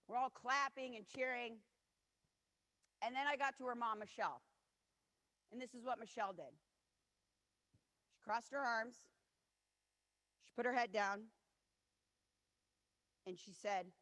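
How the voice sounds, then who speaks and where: A woman's voice: a little high, normal speed, pauses often, fairly bright tone. A woman in her forties giving a motivational keynote, telling personal stories in an earnest, personal way. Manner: personal, earnest, acts out quotes of others. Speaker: keynote speaker. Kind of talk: motivational storytelling speech. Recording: long hall reverb.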